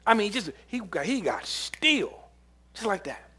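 A man preaching a sermon, telling camp stories in an animated way, often laughing and acting out what people said. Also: sits high, unhurried, husky. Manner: animated storyteller, laughs often, acts out quotes. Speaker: preacher and former camp counselor.

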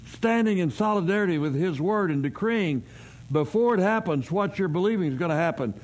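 Man, pastor, sermon, folksy storytelling, rhetorical questions, slightly high voice. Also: expressive, fairly quick.

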